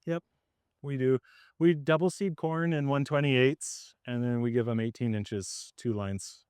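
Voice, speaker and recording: Casual, slightly hoarse farmer explaining. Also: male voice, medium pitch, fairly even intonation, unhurried, darkish tone, dry recording, studio quality. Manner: casual and conversational, with many fillers. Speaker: farmer leading a farm tour. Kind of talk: explaining while walking a group around. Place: outdoors on a farm field.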